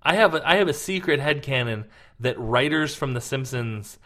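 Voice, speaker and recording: A man's voice: mid-range voice, animated, moderate pace, fairly bright tone. A man talking as a podcast co-host in casual chat, rambling and full of fillers as he tells stories. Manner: rambling, filler-heavy storytelling.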